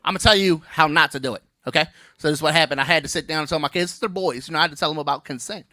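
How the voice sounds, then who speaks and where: Brash stand-up comic, bright voice. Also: male voice, fairly high pitch, racing, no echo, studio quality. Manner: brash, playful, crowd-teasing. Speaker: stand-up comedian. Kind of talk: stand-up comedy set. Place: comedy venue stage.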